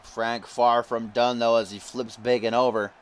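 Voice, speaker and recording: A man doing jokey play-by-play commentary over a wrestling video game, bursting into yells at big moves. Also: medium pitch, normal speed, smooth. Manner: jokey, yells in sudden excitement.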